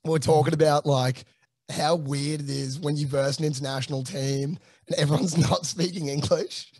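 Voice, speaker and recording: A man's voice: on the high side, fairly even intonation, normal speed, darkish tone, husky, no room sound. A young Australian man hosting a podcast, chatting casually with a mate, swearing freely and dropping lots of fillers. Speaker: podcast host.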